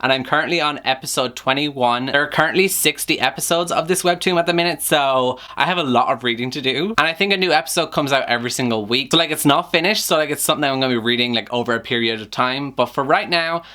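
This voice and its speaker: A man's voice: medium pitch, fast talker, few pauses, pushed and bright. A young man chatting casually to camera as a book vlogger, gushing and filling his talk with "like". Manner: chatty, gushing, filler-heavy with lots of "like". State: upset after bad news. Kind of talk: casual vlog chat to camera.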